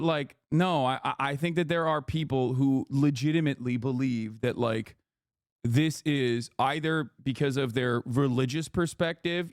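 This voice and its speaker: A man's voice: medium pitch, dry recording, clean studio sound. A man in his thirties ranting in casual livestream commentary, heated, profane and incredulous as he reads and answers chat. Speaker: political streamer.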